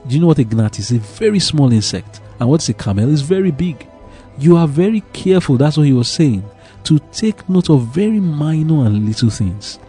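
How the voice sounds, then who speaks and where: A man's voice: medium pitch, warm tone. A man teaching a devotional Bible lesson, explaining scripture in plain words and asking rhetorical questions. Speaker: preacher.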